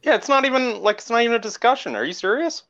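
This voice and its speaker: A man talks on a podcast through a dull, lo-fi recording. His pitch rises and falls a lot as he demands reasons and swears freely. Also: animated, fast talker, a bit bright. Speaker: podcast co-host. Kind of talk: casual debate.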